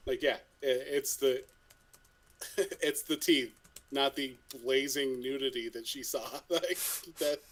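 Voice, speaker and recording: A man's voice: mid-range voice, steady tone, slow, fairly bright tone, rough recording. Rambling man telling a story. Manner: rambling, restarts a lot, swears casually. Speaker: podcast co-host. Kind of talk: casual storytelling chat.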